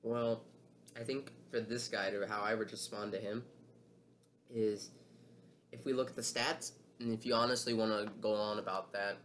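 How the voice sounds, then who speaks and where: A man's voice: fairly low pitch, fairly bright tone. Male host, heated and emotional commentary with frequent swearing and fillers, faint background noise. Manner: angry, emotional, swears often; repeats words and filler phrases.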